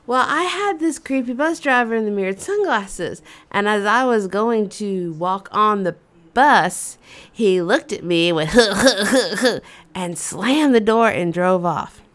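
A woman in her fifties hosting a show, telling a comic personal story in an animated, dramatic, conversational way. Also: mid-range voice, a little slow. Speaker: storyteller host.

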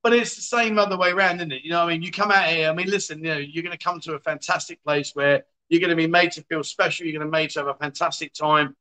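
A man's voice: a little high, steady tone, quick pace, hardly any pauses, pushed and bright, rough recording. A man hosting a casual livestream, reading out viewer comments with jokey, exasperated asides. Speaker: livestream host.

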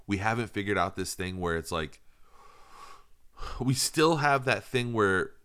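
Man, very low voice, rambling profane banter. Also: a bit bright. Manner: rambling, profane, laughs often. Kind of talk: casual comedic chat.

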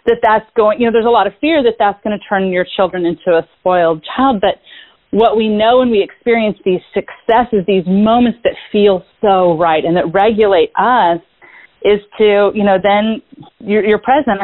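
A woman's voice: medium pitch, normal speed. A woman being interviewed about parenting, speaking reflectively and thinking aloud with frequent restarts. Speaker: guest author on parenting. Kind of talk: conversational interview. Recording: tinny phone-like remote line.

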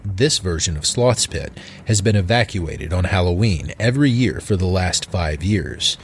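A man's voice: low-pitched, lively intonation, moderate pace, slight background noise. A man voicing a nervous, bumbling male scientist who stammers and hesitates. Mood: announcing.

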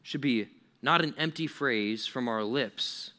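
A man's voice: medium pitch, slow pace, sharp tone. A man preaching a casual sermon to young listeners, chatty and full of "like" fillers, laughing often. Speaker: pastor.

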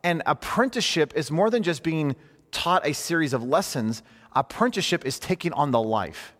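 A man's voice: a little high, animated, normal speed, a bit bright. A man teaching in a conversational sermon style, earnest and informal, often rephrasing himself mid-thought. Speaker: preacher teaching a class. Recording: long hall reverb.

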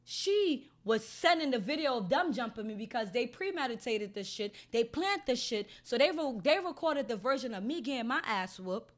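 A woman's voice: on the high side, animated, moderate pace, few pauses. A woman telling her own story casually, in a blunt, heated and heavily profane way. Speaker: storyteller recounting an assault.

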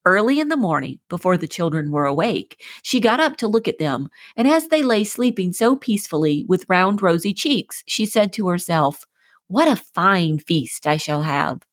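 A woman hosting a children's podcast, reading a fairy tale aloud in a gentle, clear scripted narration. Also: medium pitch, lively intonation, moderate pace, few pauses, no echo, clean studio sound. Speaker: podcast host and storyteller.

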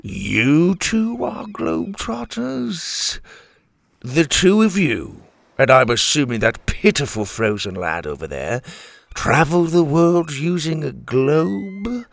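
Man playing a pirate captain, smug, theatrical, mocking, unhurried delivery. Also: fairly high pitch, sing-song, creaky, dry recording, pitched above the performer's own voice, heavily acted. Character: cocky, sneering male pirate captain.

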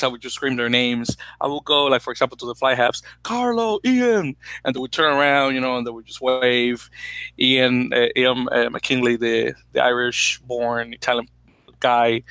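A man co-hosting a podcast, rambling through an animated story with lots of fillers and restarts, a native Spanish speaker. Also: mid-range voice, no echo, poor audio. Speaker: podcast co-host. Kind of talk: casual chat.

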